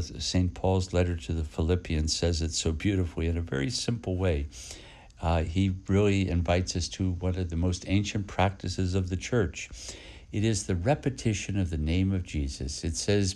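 A very low-voiced man, a priest speaking a homily for a podcast. He talks gently and reflectively, pausing and repeating phrases as he thinks. He sounds middle-aged. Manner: gentle, reflective, with pauses and repetitions.

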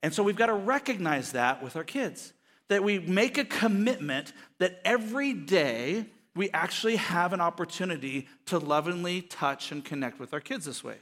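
A man's voice: high-pitched, lively intonation, normal speed, fairly bright tone, big-room sound. A middle-aged man preaching a sermon as pastor, telling family stories with jokes and acting out quoted voices. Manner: storytelling, jokey, acts out quoted voices.

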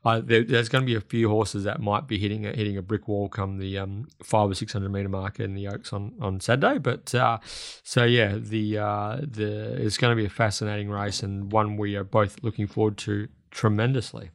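A man's voice: fairly low pitch, fairly even intonation, normal speed, creaky, no echo, studio quality. An Australian man co-hosting a racing podcast in casual chat, his words a little slurred from new braces, with lots of fillers and restarts. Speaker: podcast co-host.

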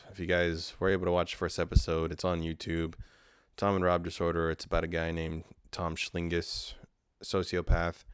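Man, very deep monotone voice, smooth, frustrated rambling, swearing, low energy, casual podcast host. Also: no echo, studio quality. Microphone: handheld portable recorder.

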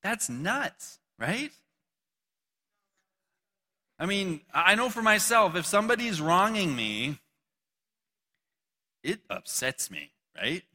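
A man preaching a casual sermon, reading scripture slowly and dramatically between conversational asides. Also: high-pitched, sing-song, sharp tone. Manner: conversational, reads scripture slowly and dramatically, frequent laughs and "right?". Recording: long hall reverb.

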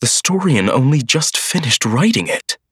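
A man's voice: medium pitch, big pitch swings, normal speed, fairly bright tone, husky, no room sound, clean studio sound, voice pushed up. A man voicing an indignant young schoolmaster of Good who stammers, agitated and in disbelief. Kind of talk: audiobook character voice.

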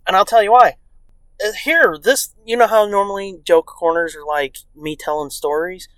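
Crude, animated male podcast co-host. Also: high-pitched, normal speed, clear, resonant tone, dry recording. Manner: profane, animated, acts out quoted voices. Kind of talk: casual crude storytelling.

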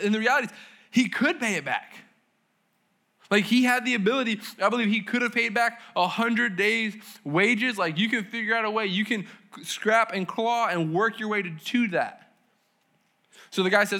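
Pastor, male, high and bright voice, casual conversational sermon, slangy, checks in with the room. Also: normal speed. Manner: casual, conversational preaching with slang and audience questions. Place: church service.

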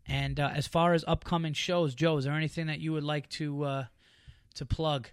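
A man hosting a podcast, chatting casually and excitedly, rambling with lots of fillers and restarts. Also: a little high, moderate pace, smooth, dry recording, clean studio sound. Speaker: podcast host.

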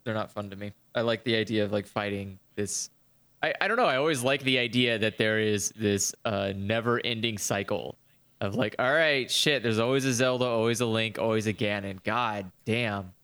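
A man's voice: lowish voice, moderate pace, smooth. A man in casual conversation about video games, swearing freely and acting out characters' lines. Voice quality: animated, profane, acts out characters in quotes.

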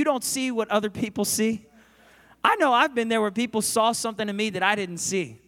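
A man in his thirties preaching as a guest pastor, telling a story with passion and swinging between loud and hushed. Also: sits high, fairly quick. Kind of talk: sermon. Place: large church auditorium. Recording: long reverb of a large hall.

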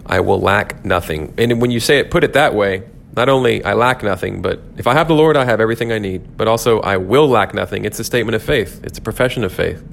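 Gravelly low-voiced man preaching earnestly. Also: lively intonation, fast talker, hardly any pauses, a little hiss or hum. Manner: earnest, reflective preaching with emphatic repetition. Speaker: podcast host teaching on scripture. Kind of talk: devotional podcast talk.

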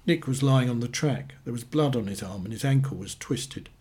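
A man reading short stories aloud in a dry, deadpan way. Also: medium pitch, normal speed, husky. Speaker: narrator.

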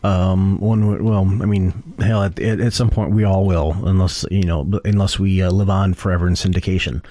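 A man hosting a podcast in casual chat, halting and often restarting his sentences. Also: sits low, fairly even intonation, warm tone, dry recording. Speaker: podcast host.

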